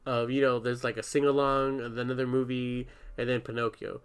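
A young man on a podcast, telling an animated story in casual chat, swearing freely and laughing often. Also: mid-range voice, fairly quick, clean tone. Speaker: podcast co-host.

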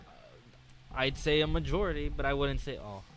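A man's voice: medium pitch, expressive, normal speed, fairly bright tone. A young man chatting as a podcast guest, hesitant and apologetic. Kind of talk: casual podcast chat. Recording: clear background noise with clicks.

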